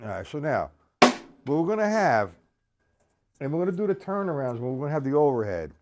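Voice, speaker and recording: A man's voice: fairly high pitch, very animated, a little fast, over loud music. An older man teaching a live-streamed drum lesson, talking to viewers in the chat by name and explaining each exercise. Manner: talks to chat viewers by name, counts beats aloud. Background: drum kit.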